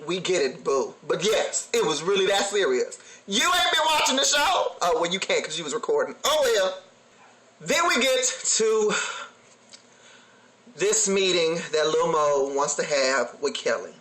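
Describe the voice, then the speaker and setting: Sassy high bright-voiced man. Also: a little slow. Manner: sassy, animated, slangy. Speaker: TV recap vlogger. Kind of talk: casual TV episode review. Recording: echoey room.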